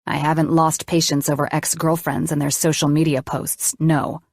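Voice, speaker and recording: A woman's voice: sits low, level tone, moderate pace, no echo. A woman voicing a young male doctor in an audiobook, defensive and swearing as he argues with his lover. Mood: heated. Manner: swearing, pleading.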